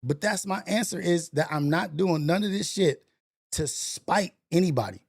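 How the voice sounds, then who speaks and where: Forty-something male streamer, animated and gravelly, loose casual chat. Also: sits high, moderate pace. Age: 40s. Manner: animated, swearing, laughing, exaggerated reactions. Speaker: livestream host.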